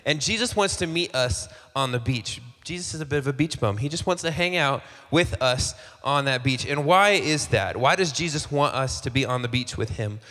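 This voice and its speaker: Male preacher, laid-back sermon delivery, mid pitch, reverberant hall. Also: moderate pace, few pauses, pushed and bright. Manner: casual, easygoing delivery.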